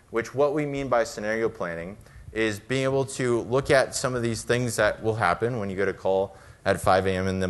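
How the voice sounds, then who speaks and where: A middle-aged American man giving a conference talk over slides, conversational and brisk, with fillers and quick asides. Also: mid-range voice, fairly bright tone. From United States. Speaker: conference speaker.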